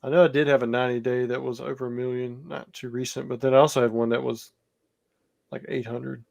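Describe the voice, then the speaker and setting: A man speaking in a mid-pitched voice as a guest on a podcast. He rambles and hedges, filling his answers with "like" and "you know". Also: level tone, brisk, creaky, darkish tone. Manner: rambling, hedging with many fillers. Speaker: podcast guest, card seller. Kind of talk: podcast interview.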